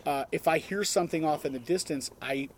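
A man's voice: a little high, a little fast, slight background noise. A man in casual chat, thinking aloud and searching for his words. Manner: reflective, searches for words, restarts. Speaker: podcast co-host.

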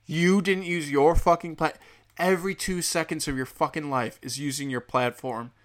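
A man's voice: fairly high pitch, steady tone, normal speed, a bit bright. A man hosting a solo sports talk show, ranting in a heated, sarcastic and profane way.

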